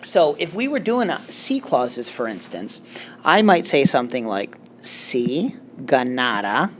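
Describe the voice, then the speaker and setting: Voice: mid-range voice, wildly swooping pitch, moderate pace, a little hiss or hum. A Spanish teacher giving a recorded grammar lecture, explaining step by step with joking asides.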